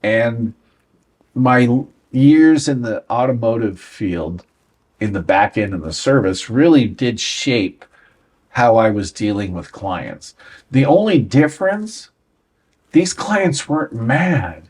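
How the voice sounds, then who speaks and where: His medium-pitched voice is sing-song and a little mellow, and he speaks slowly. This American in his sixties is an interview show guest telling stories from his career and dramatizing the quoted dialogue.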